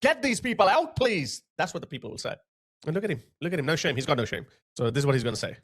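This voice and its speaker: Male online commentator, swings pitch all over, blunt and sarcastic. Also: animated, racing. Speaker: political commentator. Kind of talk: casual commentary on video clips.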